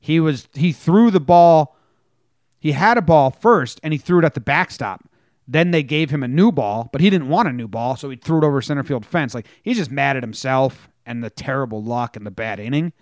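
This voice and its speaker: A man's voice: mid-range voice, fairly quick, no echo, clean studio sound. A man co-hosting a casual sports podcast, retelling game moments and acting out the players' lines. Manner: animated storytelling, acts out quotes. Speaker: podcast co-host.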